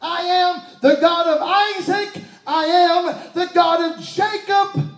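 A man's voice: very high-pitched, steady tone, slow, pitched above the performer's own voice. A male pastor voicing God speaking from a burning bush in a solemn, commanding proclamation. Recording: echoey church hall.

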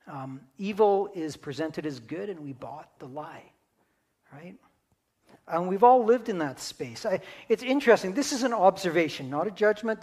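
A man preaching a sermon in a conversational teaching manner, often checking in with his listeners. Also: high-pitched. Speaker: pastor.

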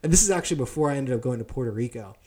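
A young man co-hosting a podcast, telling a story in casual chat, profane and animated, acting out the people he quotes. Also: mid-range voice, racing, a crowd in the background. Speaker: podcast co-host.

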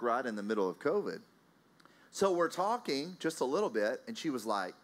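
Lively man telling a sermon story. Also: medium pitch. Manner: animated, anecdotal, many fillers and restarts. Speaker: preacher.

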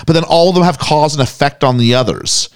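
A man's voice: on the high side, fairly quick, clean tone, no echo, studio quality. A man co-hosting a podcast, discussing an episode critically with plenty of questions. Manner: critical, questioning, animated reactions. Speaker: podcast co-host. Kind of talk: casual discussion.

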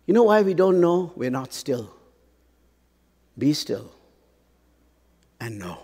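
A man preaching a sermon, pausing for effect and asking the congregation rhetorical questions. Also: fairly high pitch, very animated, warm tone, breathy edge. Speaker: pastor. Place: large church hall. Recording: long hall reverb.

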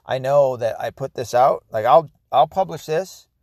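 A man's voice: mid-range voice, moderate pace, darkish tone, dry recording, clean studio sound. A man hosting his own podcast, talking in a rambling, profane, ranting monologue. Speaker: podcast host. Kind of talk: casual solo monologue.

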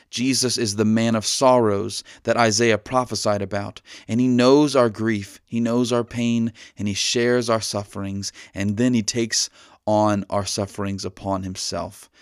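A man preaching an earnest podcast sermon, slowing down at key lines to let them land. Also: on the low side, no echo, clean studio sound.

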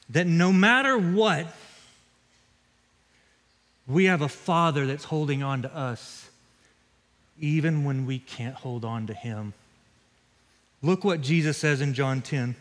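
A man's voice: a little high, slow, pauses often. A man in his thirties preaching a sermon as a pastor, earnest storytelling with emphatic repetition, in a church sanctuary. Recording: long church reverb.

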